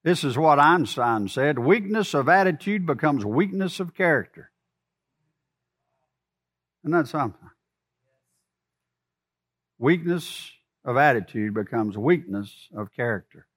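A man with a high voice, preaching a sermon. He drives his points home with loud emphasis, then drops to soft, low asides, and keeps asking the congregation questions. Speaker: pastor.

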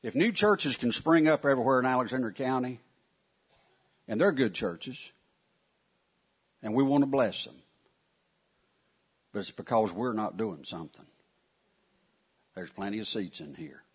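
A man preaches a sermon in a church, his voice leaping up and down as he stresses his points. His tone is folksy and direct, full of asides to the congregation, with a slightly husky edge. The recording is muffled and lo-fi. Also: medium pitch, lively intonation, measured pace, pauses often. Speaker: pastor. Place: church sanctuary. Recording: muffled lo-fi sound.

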